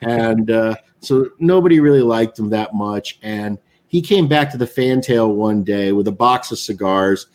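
A man, guest on a live online interview, telling a long anecdote in a relaxed way and acting out what other people said. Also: fairly low pitch, measured pace, few pauses. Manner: storytelling, acting out others' quotes. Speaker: guest, cigar maker. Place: remote, live online show.

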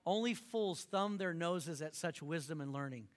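A man from Texas, preaching a sermon in an animated, repetitive way and calling on the congregation to repeat after him. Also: fairly high pitch, normal speed. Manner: animated, repetitive, calls for audience response. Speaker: pastor.

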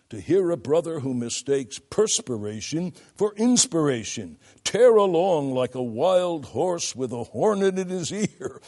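A man gives a classroom lecture on preaching, his pitch lively and shifting. He reads quotations aloud, spells out words, and changes his volume for emphasis.

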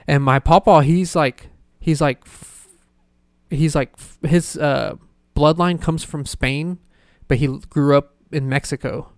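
A young man rambles through a casual podcast story, leaning on filler words. His voice is smooth and clear, and the recording sounds dry and close. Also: a little high, fairly even intonation, slow, dry recording. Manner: rambling, full of "like" fillers and laughter. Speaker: podcast host.

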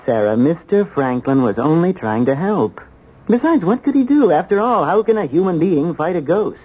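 A man's voice: on the high side, very animated, moderate pace, a little mellow. An actor playing a timid, nervous young man who talks hesitantly and stammers, in a 1970s radio drama. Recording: dull lo-fi radio recording.

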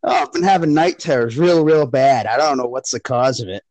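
A man co-hosting a casual chat, joking and swearing in an animated way. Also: mid-range voice, fairly quick, no room sound, rough recording.

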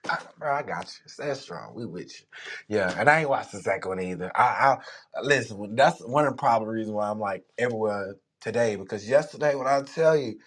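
A man hosting a podcast, talking casually in slang, emotional, dropping quiet then rising loud. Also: lowish voice, expressive, a little fast, husky. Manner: emotional, slangy, swings between hushed and loud. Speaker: podcast host. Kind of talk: casual morning check-in chat.

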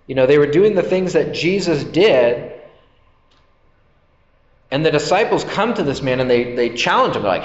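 Animated and on the high side, the pastor speaks at a moderate pace with frequent pauses. In an echoey church hall that dulls the sound slightly, he preaches conversationally and acts out the voices of people in his stories.

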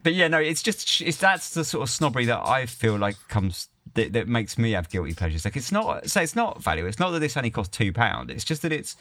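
A man's voice: mid-range voice, big pitch swings, brisk, few pauses, a bit bright. A man chatting casually as a podcast co-host, rambling and laughing at his own snobbery. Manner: rambling, self-deprecating, laughs often. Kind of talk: casual chat.

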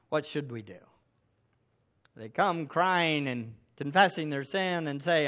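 A man's voice: a little high, unhurried, fairly bright tone. A middle-aged male pastor preaching a sermon, asking the congregation rhetorical questions.

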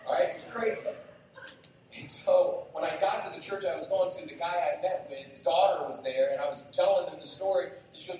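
A middle-aged male pastor preaches in a church, spinning lively stories and poking fun at himself. His voice sits a little high and is picked up from some distance. The sanctuary echoes heavily around him, with a faint hum of noise underneath. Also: fairly quick. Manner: lively storytelling, self-mocking humor. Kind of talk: sermon. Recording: very echoey hall, heard from afar.

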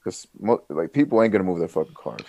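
A man's voice: low voice, sing-song, fast, creaky, warm tone. A man co-hosting a podcast over a video call, laid-back and slangy, echoing and teasing his co-host. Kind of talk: casual chat. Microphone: remote video call mic.

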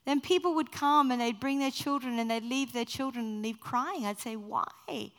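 A middle-aged woman giving a personal testimony as a missionary speaker, animated and self-mocking as she acts out quotes. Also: sits high, fairly quick. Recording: reverberant hall.

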